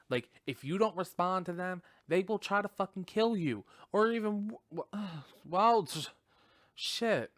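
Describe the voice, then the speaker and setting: A man hosting a podcast, reviewing a film in casual chat, profane and animated, laughing often. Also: on the high side, no room sound, clean studio sound. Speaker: podcast host.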